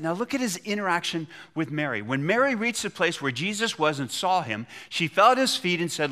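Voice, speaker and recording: A man preaching a sermon, retelling Bible stories with animated storytelling and acted-out voices. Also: high-pitched, a little fast, few pauses. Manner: animated storytelling, acting out voices of biblical figures. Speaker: pastor.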